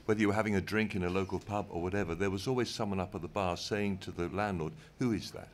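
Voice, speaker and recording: Older English man, low-voiced storyteller. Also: steady tone, quick pace. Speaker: former television director, guest. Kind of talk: anecdotal interview talk. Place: event stage in front of an audience.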